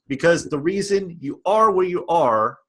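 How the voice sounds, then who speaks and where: Fired-up male vlogger, husky and a little high, preaching and repeating himself. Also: lively intonation, measured pace, fairly bright tone. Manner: passionate, repetitive, preachy. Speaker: online business vlogger. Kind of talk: motivational rant to camera.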